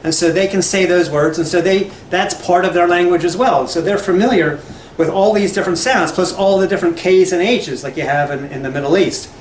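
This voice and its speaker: A man's voice: high-pitched, a little fast, roomy sound, slight background noise. A man giving a casual spoken lecture, rambling and conversational, with many fillers and restarts. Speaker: language lecturer.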